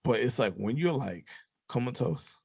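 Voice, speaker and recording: Laid-back gravelly man with a lisp. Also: mid-range voice, lively intonation, darkish tone, no echo. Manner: laid-back, rambling, drawn-out fillers. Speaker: podcast co-host. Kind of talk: casual chat.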